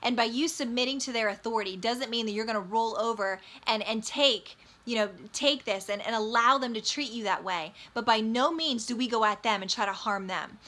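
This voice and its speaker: Earnest woman with a bright voice. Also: fairly high pitch, brisk, hardly any pauses. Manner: earnest, emphatic. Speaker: Bible teacher. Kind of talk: Bible study teaching.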